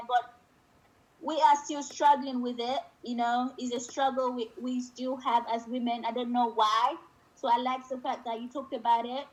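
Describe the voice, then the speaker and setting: A woman's voice: a little high, low-quality recording. A woman from West Africa moderating a virtual session, praising the speaker and calling for questions with some fillers. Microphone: video call.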